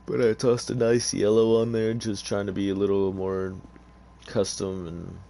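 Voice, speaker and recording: Man, low-pitched, gravelly, tired, rambling gameplay commentary, faint hum behind. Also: level tone, normal speed, warm tone. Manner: rambling, offhand, hesitant. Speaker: gamer.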